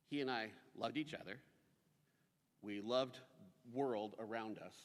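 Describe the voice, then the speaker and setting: A man reminiscing fondly about a friend in a memorial speech. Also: mid-range voice. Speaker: eulogy speaker. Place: memorial service hall. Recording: reverberant hall.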